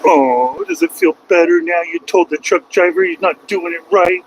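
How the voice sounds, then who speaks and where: On this rough, low-quality recording with slight background noise, a trucker rants to his livestream chat while driving. His high voice keeps a fairly even intonation at a moderate pace as he mocks critics sarcastically, mimicking them in a fake whiny tone.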